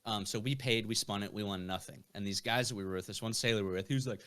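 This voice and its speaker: A man's voice: fairly low pitch, steady tone, fast, fairly bright tone. A young man who is a podcast guest, telling rambling anecdotes full of fillers and swearing. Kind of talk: casual storytelling.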